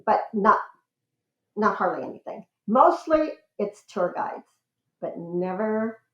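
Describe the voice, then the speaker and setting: Speaking slowly at medium pitch, an older guest relations expert discusses her research in a conversational interview. She's enthusiastic, squealing with excitement as she tells stories. The sound is roomy and a bit dull.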